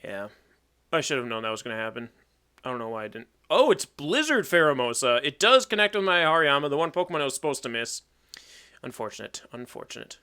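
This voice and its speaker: A man's voice: on the high side, big pitch swings, fast talker, sharp tone, clean tone. A young man chatting casually as he plays and commentates a competitive Pokemon battle, thinking aloud and joking at himself. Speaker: gaming YouTuber.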